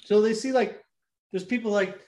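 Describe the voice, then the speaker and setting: A man with a fairly high voice tells a movie's plot in loose, rambling chat, full of swearing. He keeps losing his place and jumping back to earlier scenes. The room around him sounds roomy and echoey. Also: normal speed, a little mellow. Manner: rambling, profane, jumps back and forth. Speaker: podcast co-host recapping a movie. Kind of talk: casual chat.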